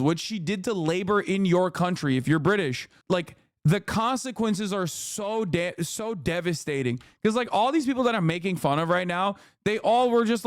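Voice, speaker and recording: A man's voice: high-pitched, clear, resonant tone, dry recording, studio quality. A man giving casual, profane reaction commentary as a streamer, ranting animatedly.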